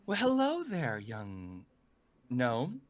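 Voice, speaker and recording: A man voicing a gentle, motherly woman cleric from the Feywild with a sweet, coaxing manner. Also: very deep voice, wildly swooping pitch, drawn-out words, exaggerated voice. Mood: friendly.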